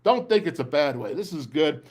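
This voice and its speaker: A man's voice: a little high, big pitch swings, moderate pace, a little mellow, husky. An older man hosting a sports talk show, fiery and rambling as he gives a pep talk.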